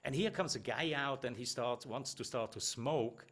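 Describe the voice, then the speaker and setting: A middle-aged man gives a presentation coach's feedback in an easy, conversational way. He keeps checking in with tag questions, restarts his phrases and stresses the words that matter, with a voice of ordinary pitch for a man. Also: normal speed, a bit bright.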